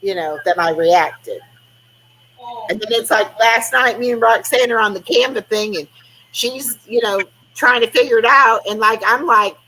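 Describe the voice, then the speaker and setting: A woman's voice: fairly high pitch, normal speed, bright, forceful tone, poor audio. An older woman, chatting casually on a live stream over a video call and acting out conversations as she tells stories. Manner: chatty storytelling, acting out quoted talk. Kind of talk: casual chat.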